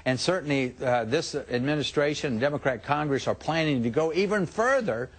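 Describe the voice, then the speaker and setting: A middle-aged man, a political guest arguing forcefully and defiantly in a heated TV debate. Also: on the high side, lively intonation, fairly quick, slightly rough.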